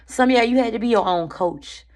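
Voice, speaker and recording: A woman giving casual motivational talk as a tarot reader, animated and slangy, swearing freely and calling her listeners friend. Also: fairly high pitch, fairly quick. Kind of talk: casual motivational chat to viewers.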